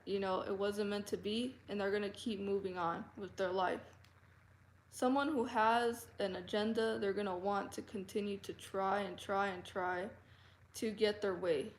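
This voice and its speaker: A woman telling a personal story to camera in an earnest, halting way, full of fillers and restarts. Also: mid-range voice. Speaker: vlogger. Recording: roomy echo.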